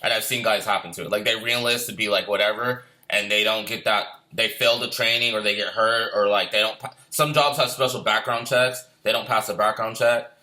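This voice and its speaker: A man's voice: on the low side, steady tone, fairly quick, few pauses, sharp tone. A man who served as a Marine, telling war buddy stories in a casual, profane way, laughing often and ending lines with "man". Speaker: Marine veteran. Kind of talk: casual storytelling.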